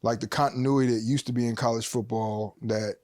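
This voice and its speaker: A man's voice: mid-range voice, a little fast, no room sound, clean studio sound. Emphatic, slangy man chatting on a podcast. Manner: animated, emphatic, conversational with slang. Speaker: podcast guest. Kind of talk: casual podcast chat.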